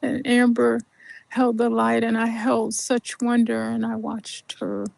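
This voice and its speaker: An older woman hosting a podcast, telling a personal story in an unhurried, gentle way that often sinks to a soft near-whisper. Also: on the high side, little pitch movement, creaky, dry recording. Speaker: podcast host.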